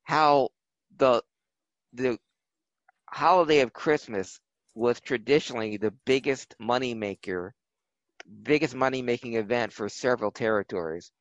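A man co-hosting a wrestling podcast, telling history in a relaxed way with many fillers and restarts. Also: mid-range voice, unhurried, no echo, dull audio. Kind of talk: casual chat.

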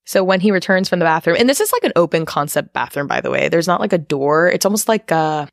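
A woman's voice: on the low side, sing-song, quick pace, gravelly, dry recording, clean studio sound. A woman co-hosting a podcast, recapping a film in a chatty, casual way with lots of fillers and the odd swear. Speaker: podcast co-host.

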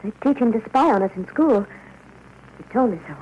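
A woman's voice: on the high side, animated, brisk, a little hiss or hum, close to an everyday voice. A woman playing a frightened, devoted mother in a 1940s radio drama, talking in an anxious and imploring way. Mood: eager, worried. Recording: muffled old radio broadcast.

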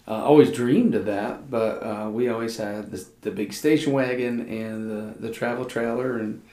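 A man's voice: on the low side, moderate pace, mellow. A man in his fifties chatting casually with his wife, telling a long camping story with fillers and laughs. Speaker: podcast co-host, husband. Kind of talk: casual conversation. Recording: echoey room.

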